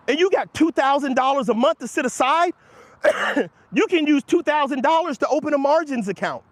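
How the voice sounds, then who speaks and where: On a dry recording, a livestream host answers his chat while outdoors near passersby, arguing emphatically about money. He names individual chatters, laughs off what they say, and his pitch climbs when he pushes a point.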